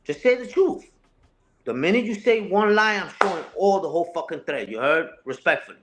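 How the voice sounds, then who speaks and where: An online content creator, appearing as an interview guest, answers a live chat in a high-pitched, animated, slightly fast voice over background noise. His talk is heated and unscripted, profane and confrontational, and he repeats phrases for emphasis.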